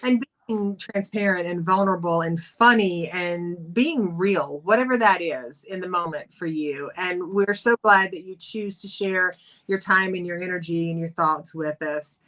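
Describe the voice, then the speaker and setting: A woman co-hosting a talk show, speaking calmly and in a measured way, slowing down as she closes the show. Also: fairly low pitch. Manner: calm, measured, slows down to close. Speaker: co-host and coach. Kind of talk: reflective talk-show chat.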